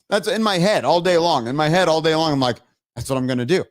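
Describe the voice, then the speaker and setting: A man's voice: a little high, expressive, a little fast, no echo, clean studio sound. A man hosting a live show, chatting casually and getting exasperated and laughing at his own tech troubles. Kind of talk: casual live-stream chat.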